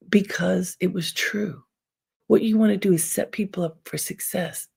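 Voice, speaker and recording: A woman hosting an inspirational self-help talk, giving calm, unhurried advice with frequent pauses. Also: medium pitch, vocal fry, husky. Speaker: host.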